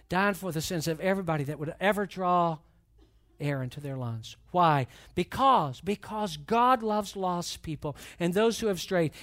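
A man preaching a sermon as pastor, reading and retelling a story with rising, emphatic intensity. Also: high-pitched. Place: church.

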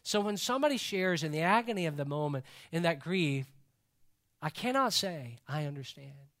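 A male preacher with a notably high voice delivers a sermon. He speaks earnestly and returns to the same phrases for emphasis. He sinks into a soft, hushed voice for every quotation. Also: big pitch swings, moderate pace. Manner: drops to a hushed voice when quoting others.

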